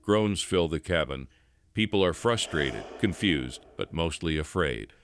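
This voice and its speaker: A man narrating a scripted documentary in an even, measured storytelling manner. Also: rumbling low, slight background noise.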